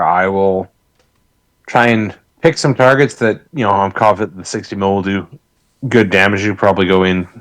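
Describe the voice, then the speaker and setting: A man talks through his character's plan in a tabletop game, loudly and at a fast clip. His voice is on the low side, and the recording sounds dry and close. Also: dry recording, low-quality recording. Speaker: player. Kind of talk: casual tabletop game play.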